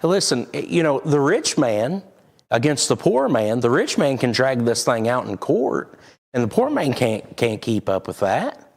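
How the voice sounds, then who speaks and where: A man's voice: medium pitch, big pitch swings, measured pace, gravelly. A man preaching a sermon, talking candidly and conversationally. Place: church sanctuary.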